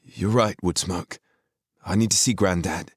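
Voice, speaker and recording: A man's voice: deep voice, unhurried, breathy edge, no room sound, clean studio sound, voice pushed up. A man voicing an unsure, earnest teenage boy in an audiobook. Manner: earnest, questioning.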